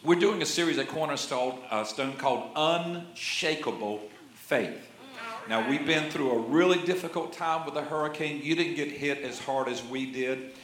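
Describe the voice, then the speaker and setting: A man's voice: fairly high pitch, moderate pace, a bit bright. A man in his sixties preaching a sermon as a pastor, folksy and conversational, with jokes and frequent amens. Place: church sanctuary. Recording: roomy church echo.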